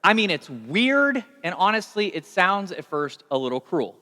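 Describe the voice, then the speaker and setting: A young adult man preaching a sermon as pastor, telling stories in a conversational, animated way. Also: sits high, moderate pace. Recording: long reverb of a large hall.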